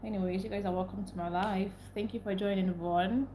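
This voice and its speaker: A woman's voice: medium pitch, steady tone, brisk, reverberant, background noise. A young woman, venting angrily and repeating herself as she talks to her livestream viewers. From Nigeria. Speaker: livestream host. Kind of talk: casual live stream rant.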